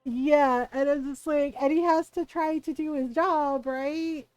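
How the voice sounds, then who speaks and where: Brief: high-pitched woman streamer, casual and animated, telling stories with lots of "like". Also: a little slow, dry recording, highs cut off, faint music behind. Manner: animated storytelling, full of "like" and acted quotes. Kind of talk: casual chat while gaming.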